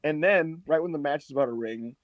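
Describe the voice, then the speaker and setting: A man co-hosting a casual wrestling podcast, telling a long story with lots of swearing and high mock voices for the people in it. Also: fairly quick, dry recording, highs cut off. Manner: animated storyteller, swears a lot, acts out others in high put-on voices. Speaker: podcast co-host.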